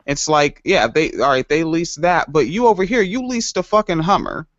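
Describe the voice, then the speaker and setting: A man's voice: on the high side, expressive, normal speed, a bit bright, no echo. A man co-hosting a podcast, chatting sarcastically with a lot of swearing and loose rambling. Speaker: podcast co-host. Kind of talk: casual chat. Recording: dull lo-fi sound.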